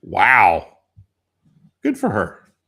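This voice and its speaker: A man's voice: fairly low pitch, wildly swooping pitch, drawn-out words, creaky, sharp tone, slightly rough. A tired man in his fifties co-hosting a sports talk show, chatting in a rambling way and losing names mid-thought. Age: 50s. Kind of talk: casual chat.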